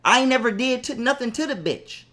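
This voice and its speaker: High-voiced man telling a heated story. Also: lively intonation, fairly quick, sharp tone. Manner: heated, profane, quotes his own arguments. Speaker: interview guest. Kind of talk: casual storytelling interview.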